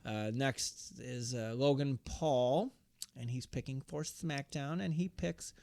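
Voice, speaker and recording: A man's voice: mid-range voice, takes it slowly, gravelly, a little mellow. A man co-hosting a casual podcast, reading out his notes with fillers and the odd swear. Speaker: podcast co-host.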